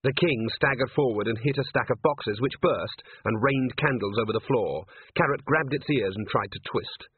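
A man narrating an audiobook in a lively, expressive manner. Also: medium pitch, normal speed, hardly any pauses, breathy edge. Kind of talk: audiobook reading. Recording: tinny phone-like sound, dry.

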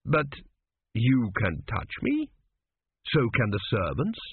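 A man's voice: medium pitch, huge pitch swings, slow, husky, dry recording, full character voice. A man reading aloud, voicing an earnest young male king who gets raised and indignant. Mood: pleading. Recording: dry, tinny phone-like sound.

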